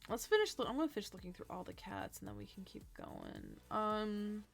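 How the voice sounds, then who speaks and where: A woman's voice: mid-range voice, huge pitch swings, a little fast, vocal fry. A tired woman casually chatting on a livestream as she builds a card deck, thinking aloud, humming and trailing off. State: tired, yawning.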